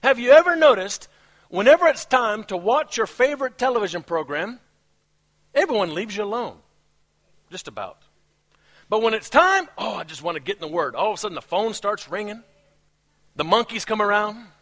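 A male pastor with a non-native English accent preaches with lots of energy. His voice sits high and swings up and down, and he breaks into laughs between points. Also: normal speed, long pauses. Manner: animated preaching with laughs and asides. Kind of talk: sermon.

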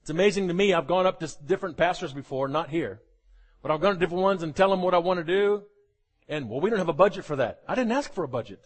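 A man preaching a sermon, animated and jokey, often acting out the voices of the people he quotes. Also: high-pitched, fast talker. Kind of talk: sermon with humorous asides.

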